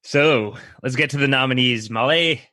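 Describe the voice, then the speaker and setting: A man's voice: mid-range voice, moderate pace, pushed and bright, no room sound. A man co-hosting a podcast in casual chat, joking while announcing award nominees. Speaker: podcast co-host.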